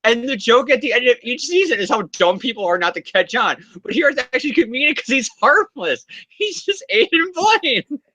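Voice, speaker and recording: A man's voice: very high-pitched, sing-song, moderate pace, sharp tone, no echo, poor audio. A man co-hosting a podcast, riffing playfully and laughing as he invents jokes. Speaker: podcast co-host. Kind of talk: casual comic book discussion.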